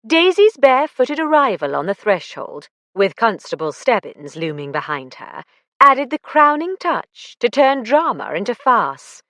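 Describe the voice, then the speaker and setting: Expressive woman audiobook narrator. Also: medium pitch, unhurried, no echo. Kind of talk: scripted narration.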